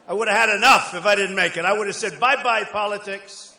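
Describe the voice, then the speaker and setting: An older man giving a rambling, boastful campaign rally speech, conversational with sudden loud bursts. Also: high-pitched, fairly quick. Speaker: political candidate at a rally. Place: large outdoor rally crowd. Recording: echoey rally PA with crowd ambience.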